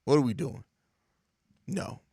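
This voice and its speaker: A young man hosts a sports podcast, speaking slowly in a mellow voice with studio-quality sound and no echo. His casual commentary turns into an exasperated, profane rant in which he repeats himself.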